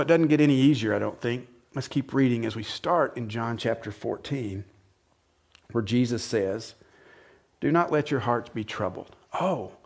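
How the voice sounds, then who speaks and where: A man, the church's pastor, preaching a conversational sermon with rhetorical questions that swings between forceful emphasis and quiet, soft passages. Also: mid-range voice.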